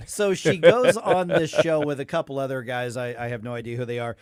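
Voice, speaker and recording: A man's voice: medium pitch, fairly even intonation, clear, resonant tone, dry recording, studio quality. A man co-hosting a morning talk radio show, making wry, joking asides in casual banter. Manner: wry, laughing, quick asides.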